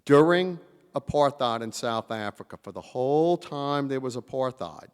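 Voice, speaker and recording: A man telling lively stories to a convention audience, acting out the voices of the people in them. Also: mid-range voice, normal speed, clean tone. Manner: animated storyteller, acts out quotes, drawls "y'all". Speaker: convention panel speaker. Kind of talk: storytelling talk to a live audience. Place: large convention hall. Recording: reverberant convention hall.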